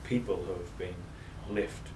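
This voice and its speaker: A man's voice: low-pitched, steady tone, unhurried. A man narrating a tabletop game as game master in a loose, meandering way. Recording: roomy, far from mic, noisy.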